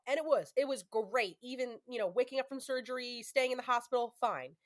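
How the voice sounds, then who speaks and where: A woman's voice: on the high side, brisk, few pauses. A woman in her thirties hosting a podcast, talking candidly and casually with lots of fillers. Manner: chatty, candid, frequent fillers. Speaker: podcast host. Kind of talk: casual chat.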